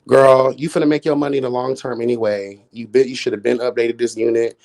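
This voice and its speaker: A man doing casual live-stream commentary, sassy and flamboyant, swearing often, jumping into high exclamations and chatting with viewers. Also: a little fast, a little mellow. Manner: chats with viewers in chat.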